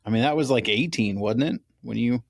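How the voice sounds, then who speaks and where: A man's voice: medium pitch, brisk, vocal fry, slightly rough, no echo, clean studio sound. A man hosting a podcast, chatting casually and laughing easily. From Oklahoma or Texas. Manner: easygoing, laughs often. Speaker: podcast host. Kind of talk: casual interview chat.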